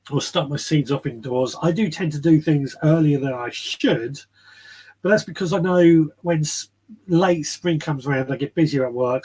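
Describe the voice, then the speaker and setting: A man hosts a relaxed live chat from a garden shed, talking in a rambling, easygoing way. His voice sits a little high for a man and has a slightly husky edge. He wanders between thoughts and picks up viewer comments as he goes. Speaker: podcast host. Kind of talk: casual live-stream chat.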